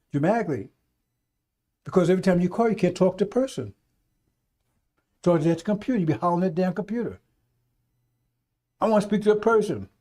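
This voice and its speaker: Fiery, preachy man with high, dark voice. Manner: fiery, preachy, swears, mimics voices in asides. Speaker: radio talk host. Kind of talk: rambling radio monologue.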